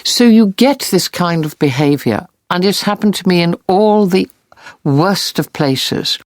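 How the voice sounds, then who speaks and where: A woman's voice: on the low side, expressive, a little slow, no room sound. A woman war correspondent earnestly recounting vivid experiences in an interview. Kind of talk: interview storytelling.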